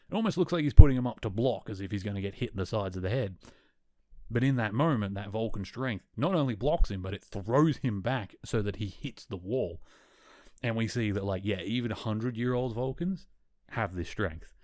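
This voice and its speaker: Warm and on the low side, this male podcast host's voice comes through clean studio sound with no echo. He recaps an episode chattily and with enthusiasm, laughing occasionally and frequently catching and fixing his own wording.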